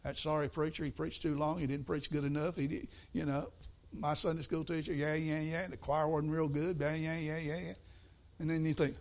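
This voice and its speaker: A middle-aged man preaching a sermon, folksy and storytelling, swinging between soft asides and loud bursts. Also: a little high, level tone, a little fast.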